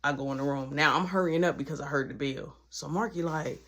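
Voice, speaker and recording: A woman telling a casual storytime, animated and acting out every line of dialogue. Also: sits low, brisk, hardly any pauses.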